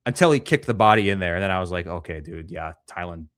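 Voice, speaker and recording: A man co-hosting a casual show review, excitable and profane, breaking into loud outbursts. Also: deep voice, quick pace, no echo, studio quality. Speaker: podcast co-host. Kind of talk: casual chat.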